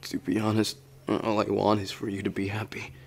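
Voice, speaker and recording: A man voicing a shy, anxious young man in a whispered role-play, speaking softly and hesitantly. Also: fairly low pitch, completely flat delivery, a little fast, creaky. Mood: tender, insecure. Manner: soft, hesitant, flustered stammering. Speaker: ASMR roleplayer.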